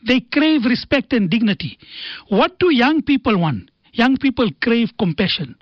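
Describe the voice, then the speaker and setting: An extremely high-pitched, sing-song male voice moves at a moderate pace through earnest stories about faith and family, sprinkled with Arabic quotations. He's a radio guest, recorded in a dull, dry studio with no room sound.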